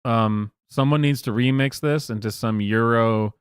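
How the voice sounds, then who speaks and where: Male streamer, smooth clear voice, dry close sound, rambling, crude. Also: medium pitch, unhurried, dry recording. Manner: rambling, profane, hesitant with many fillers. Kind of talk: casual livestream commentary.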